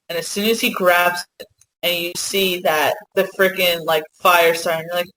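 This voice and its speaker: A woman co-hosting a fan podcast, talking in an excited, rambling way and swearing freely in a casual discussion. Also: fairly low pitch, moderate pace, poor audio. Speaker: podcast co-host.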